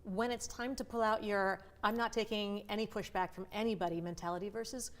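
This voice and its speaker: Animated woman communication coach. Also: mid-range voice. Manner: animated, with quick vivid asides and playful voices. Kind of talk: conversational interview.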